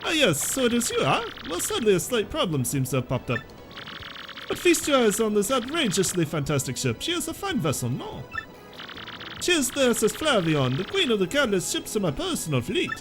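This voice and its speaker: A man's voice: high-pitched, huge pitch swings, a little fast. A man voicing a pompous, flamboyant merchant sailor in a vague, made-up foreign accent, reading game dialogue over music. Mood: boastful. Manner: grandiose, theatrical, vague foreign-sounding accent.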